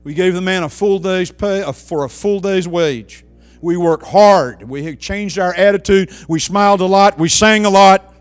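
A man preaching a sermon with passion, swinging between loud, fervent outbursts and quiet, hushed asides. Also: sits high, no echo.

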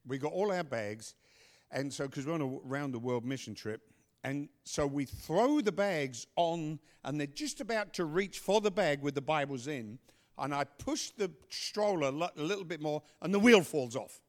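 Middle-aged guy telling a story in church, lively, gets loud, kinda high voice. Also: moderate pace. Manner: animated storyteller, acts out voices, bursts of loud exclamation. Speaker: pastor. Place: church service.

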